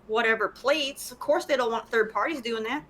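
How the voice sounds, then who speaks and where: A co-host in a casual gaming podcast, blunt and profane. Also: male voice, very high voice, fairly quick, sharp tone, a little hiss or hum.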